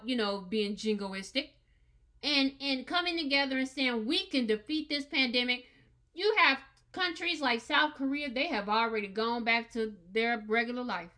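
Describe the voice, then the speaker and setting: A woman's voice: fairly high pitch, sharp tone. A woman hosting a podcast, giving an earnest opinion monologue with emphatic, repeated words. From United States. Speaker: podcast host.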